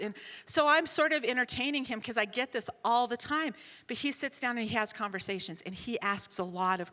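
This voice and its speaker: Lively, bright-voiced middle-aged woman panelist. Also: a little high, long reverb tail. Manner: animated, self-mocking, acts out dialogue. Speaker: conference panelist. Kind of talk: storytelling talk on a panel. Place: large conference hall.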